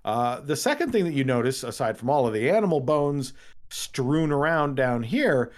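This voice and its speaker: Lively man running a tabletop game. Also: moderate pace. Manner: animated, vivid storytelling with sudden pitch jumps. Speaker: game master.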